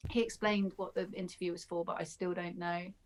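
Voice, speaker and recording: A woman's voice: on the low side, level tone, a little fast. Chatty woman hosting a podcast. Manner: chatty, rambling storyteller, laughs often. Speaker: podcast host. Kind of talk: casual chat.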